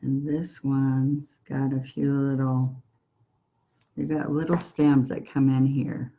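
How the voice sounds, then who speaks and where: A woman with a soft Southern US accent leads a relaxed painting tutorial, talking slowly and evenly as she walks through each brushstroke. Her voice is mellow and warm, gentle and encouraging. The recording sounds a little dull and muffled. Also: extremely low pitch. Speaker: painting instructor.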